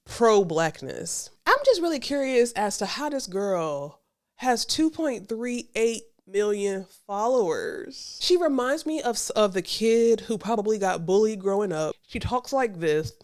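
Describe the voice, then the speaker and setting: A woman hosts her podcast with an emphatic, sassy reaction commentary. Her voice sits at an ordinary middle pitch, and she talks straight to the listener. She hammers her points home by repeating them. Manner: conversational, addresses the listener directly. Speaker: podcast host.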